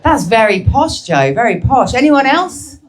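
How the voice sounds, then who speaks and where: A woman's voice: sits low, moderate pace, a little mellow. A woman performing a brash, crude stand-up comedy set, teasing the crowd at a live show.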